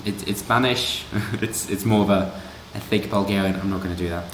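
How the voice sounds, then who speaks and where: A man's voice: deep voice, little pitch movement, a little fast, darkish tone, a little hiss or hum. A man doing casual commentary on a news story, sarcastic and rambling with asides. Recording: roomy echo.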